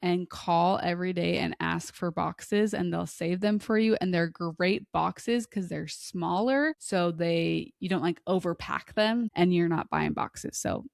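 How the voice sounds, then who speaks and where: Chatty woman with a gravelly edge. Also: lowish voice, unhurried, hardly any pauses, no echo, studio quality. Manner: chatty, rambling storyteller. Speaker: podcast co-host. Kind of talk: casual chat.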